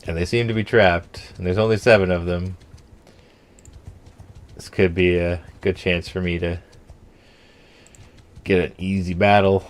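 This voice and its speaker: A young man from Canada giving casual let's-play commentary, thinking aloud and muttering half to himself as he plays. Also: sits low. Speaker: gameplay streamer.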